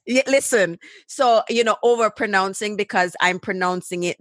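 A middle-aged woman from Jamaica with a Jamaican accent. She is an author who tells lively stories in a casual interview. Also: medium pitch, normal speed, no room sound, clean studio sound. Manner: lively storyteller, mixes Jamaican and American speech.

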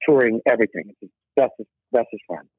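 A man's voice: medium pitch, animated, quick pace, breathy edge, dry recording. A male musician telling a rambling, heartfelt story in an interview, with many restarts. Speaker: musician guest. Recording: tinny phone line.

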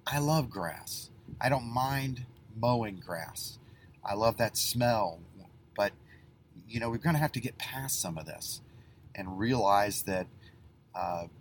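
Folksy man with a low voice. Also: a little hiss or hum. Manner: folksy, rambling with many fillers and restarts. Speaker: plumbing business owner. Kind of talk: casual advice talk.

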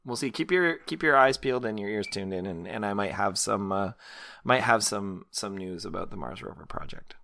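A man in his thirties chatting casually as a podcast co-host, playful and quick to laugh. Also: fairly low pitch, animated, creaky, bright, forceful tone. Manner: playful, joking, laughs often. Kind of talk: casual chat.

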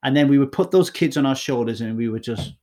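A man's voice: mid-range voice, fast talker, mellow. A middle-aged man telling a candid personal story as a guest, talking bluntly and emphatically with swearing and frequent restarts.

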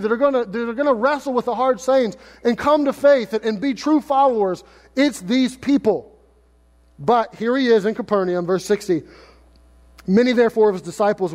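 Male pastor, expressive sermon delivery, high voice, long church reverb. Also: a little fast. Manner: expressive preaching, acts out quoted lines in lively paraphrase.

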